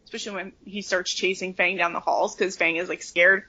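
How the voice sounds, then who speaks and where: A woman's voice: lowish voice, flat delivery, brisk, sharp tone, lo-fi sound. A woman co-hosting a podcast, chatting casually and animatedly about a book, swearing freely and acting out the characters. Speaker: podcast co-host.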